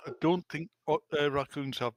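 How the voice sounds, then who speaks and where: A man's voice: on the high side, normal speed. A man co-hosting a news podcast, trading dry wisecracks and short replies. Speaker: podcast co-host. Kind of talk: casual comic banter.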